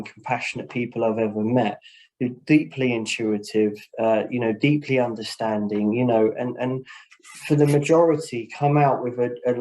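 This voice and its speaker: A man's voice: mid-range voice, darkish tone, low-quality recording. A man, a social worker, sharing a heartfelt personal story in a webinar discussion over a video call, speaking earnestly and often saying "you know".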